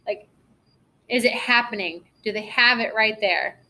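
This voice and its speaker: A young woman teacher records a reading lesson for first graders. Her voice is bright and sits a little high. She is slow and encouraging and stretches words out for small children. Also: poor audio.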